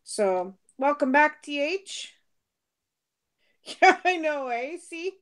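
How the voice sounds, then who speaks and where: Middle-aged woman co-host, bright high pitch, relaxed chatter and frequent laughs, no accent. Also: takes it slowly. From Britain. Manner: chatty, laughs often, answers comments aloud. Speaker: co-host reading viewer comments. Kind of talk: casual live-stream chat.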